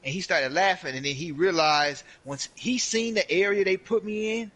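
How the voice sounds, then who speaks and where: Bright, animated young man telling stories. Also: on the high side, moderate pace, few pauses, breathy edge, rough recording. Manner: animated, profane, slangy, acts out quotes. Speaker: streamer. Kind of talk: casual storytelling while gaming.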